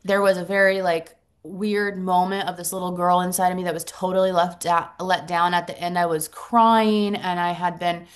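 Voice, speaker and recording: A middle-aged woman sharing her story at a support meeting, earnest and reflective, pausing often and restarting her sentences. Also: lowish voice, level tone. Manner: halting, earnest, reflective, many pauses and restarts. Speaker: recovery group member sharing.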